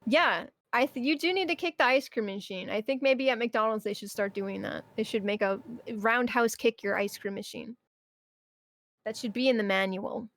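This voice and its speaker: A woman's voice: on the high side, moderate pace, a bit bright. A young woman streamer chatting casually and ranting about her job, swearing often and breaking into mock outbursts. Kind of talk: casual chat.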